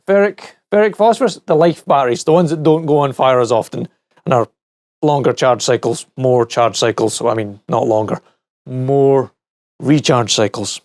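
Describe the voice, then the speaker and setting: A man's voice: fairly high pitch, no room sound, studio quality. A man reviewing tech in a casual teardown vlog, rambling and correcting himself with wry asides. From United Kingdom.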